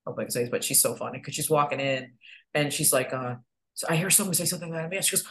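A woman's voice: sits low, quick pace, a bit bright. A middle-aged woman from New York, a podcast guest who chats casually, laughs often and tells stories with animation. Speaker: podcast guest, real estate agent. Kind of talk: casual chat.

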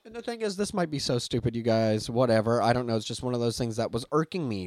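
This young adult man hosts a podcast and talks fast at a medium pitch, with no echo on the recording. He tells stories animatedly in casual chat and swears casually along the way.

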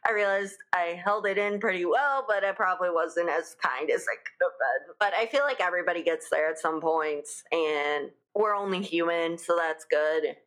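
A woman's voice: on the low side, normal speed, hardly any pauses, a bit bright. A young adult woman hosting a podcast in casual, gossipy chat, with many fillers. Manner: chatty, gossipy, lots of fillers. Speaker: podcast host.

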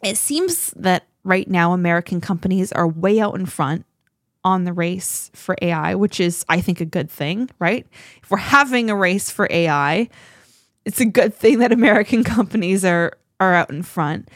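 A woman co-hosting a podcast, talking in an animated, chatty way with frequent restarts. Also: fairly low pitch, moderate pace, no echo, studio quality. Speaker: podcast co-host. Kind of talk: casual conversation.

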